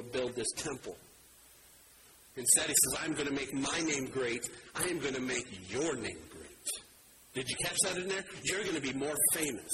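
A man preaching a sermon, talking casually and acting out the quoted speakers with big swings in his voice. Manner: animated, acts out quoted voices with wide pitch swings. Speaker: pastor. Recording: noticeable background noise.

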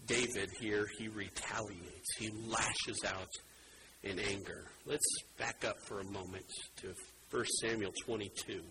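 A man preaching a sermon and reading scripture aloud, swinging between animated emphasis and hushed, low delivery. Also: background noise. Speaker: pastor.

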